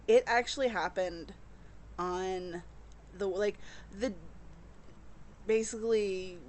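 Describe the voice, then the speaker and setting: A woman's voice: mid-range voice, slow, darkish tone, a little hiss or hum. A woman chatting casually to camera as a cross-stitch vlogger, rambling with many fillers and restarts and openly emotional.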